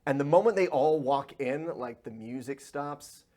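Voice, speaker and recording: A man's voice: mid-range voice, normal speed, dark tone. A man narrating as game master in a casual, loose way with many ums.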